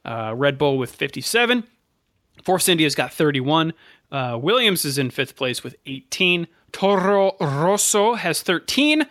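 Man, podcast co-host, bright tone, dry recording, halting list-reading delivery. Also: on the high side, very animated, no room sound. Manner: reads standings and race listings with frequent "uh" and self-corrections. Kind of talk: casual motorsport podcast chat.

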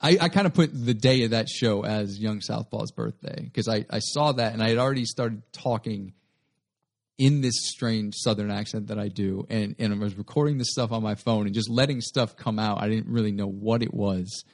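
A man's voice: fairly low pitch, normal speed. A young adult man, a guest comedian, telling a rambling story in a casual interview and often correcting himself mid-sentence.

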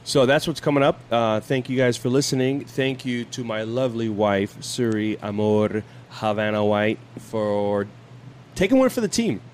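A man's voice: mid-range voice, normal speed, a little hiss or hum. A man hosting a casual podcast, joking around and laughing often. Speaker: podcast host. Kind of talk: casual chat.

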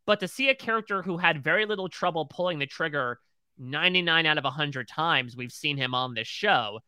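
A man's voice: fairly high pitch, lively intonation, brisk, pushed and bright, smooth, no echo. A man co-hosting a TV recap podcast, retelling scenes in close detail. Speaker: podcast co-host.

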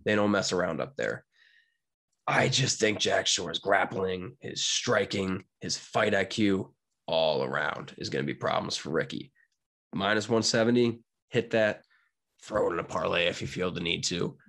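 A man's voice: low voice, lively intonation, normal speed, vocal fry, a bit bright. A young man, brash and jokey, giving casual betting picks as a podcast producer. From Pennsylvania, USA. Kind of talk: casual monologue.

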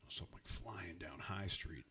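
A man's voice: low voice, a little slow, pushed and bright, slightly rough. A man in casual podcast chat, telling a profane story and acting out his own lines. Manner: profane storyteller, quotes himself. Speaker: podcast co-host.

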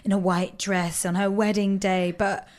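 A woman's voice: medium pitch, little pitch movement, darkish tone. A woman co-hosting a podcast, joking playfully in casual chat. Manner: playful, jokey, quick to chime in. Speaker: podcast co-host.

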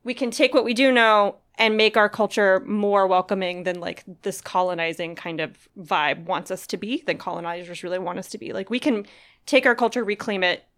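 A woman's voice: mid-range voice, moderate pace, fairly bright tone. A woman co-hosting a book podcast, talking casually and emotionally with many restarts and fillers. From Filipino heritage. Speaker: podcast co-host recommending books. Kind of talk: casual chat.

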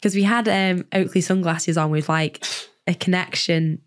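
A woman co-hosting a podcast in casual chat, with a husky, hoarse voice from being unwell, chatty and quick to laugh. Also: lowish voice, fairly even intonation. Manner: chatty, laughs often, rambling restarts. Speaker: podcast co-host.

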